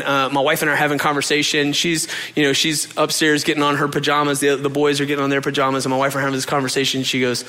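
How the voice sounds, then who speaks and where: A pastor gives a relaxed, story-driven sermon with a high, bright, forceful voice. He talks straight to the crowd and stumbles over his words before pressing on, earnest and open. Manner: earnest storytelling with frequent restarts and direct "you guys" address. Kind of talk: conversational sermon.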